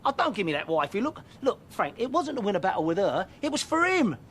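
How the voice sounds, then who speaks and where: A man's voice: sits high, very animated, quick pace, fairly bright tone, a little hiss or hum. An actor playing a blunt, sarcastic father who argues with his wife. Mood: defensive.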